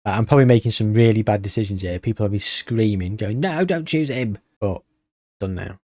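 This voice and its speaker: Wry, chatty man, mellow voice. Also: fairly low pitch, steady tone, fast talker, no room sound. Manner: chatty, wry and sarcastic, thinking aloud. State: tired. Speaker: gaming YouTuber. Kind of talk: casual game commentary.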